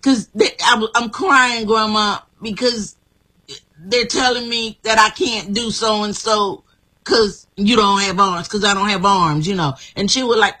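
A woman's voice: mid-range voice, steady tone, unhurried, sharp tone, breathy edge, rough recording. A woman guest telling her life story in an emphatic, repetitive, motivational way. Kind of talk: inspirational personal story.

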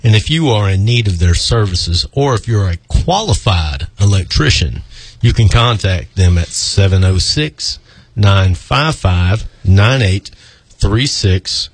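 Guy hosting church radio, pumped up, low husky voice. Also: dry recording. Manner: enthusiastic, casual. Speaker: radio show host. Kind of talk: upbeat radio show intro.

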